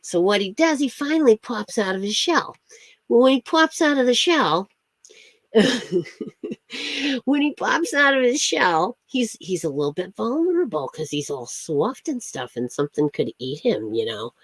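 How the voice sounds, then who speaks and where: A woman's voice: on the high side, very animated, unhurried, slightly rough, no echo. A woman chatting casually on a livestream, rambling from story to story, laughing often and greeting viewers by name. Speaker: astrology streamer.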